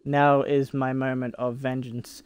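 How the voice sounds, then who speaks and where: A young hero from a stage play declaims his vengeance and his grief in theatrical, old-fashioned speech, as a man puts him on. The delivery is grand and unhurried. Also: medium pitch, level tone, smooth, close to an everyday voice. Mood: vengeful.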